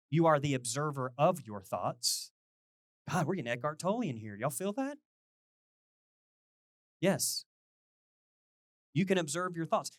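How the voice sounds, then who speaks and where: Male pastor, middle-aged, casual sermon, lively storytelling, dry close sound. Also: a little high, no room sound. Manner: animated, self-deprecating, quotes people in lively voices. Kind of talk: conversational sermon.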